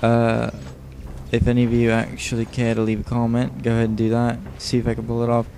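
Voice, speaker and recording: A man's voice: medium pitch, completely flat delivery, fairly quick, gravelly, mellow, a little hiss or hum. A tired man giving casual, rambling commentary over a video game, joking and swearing often. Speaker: let's play host.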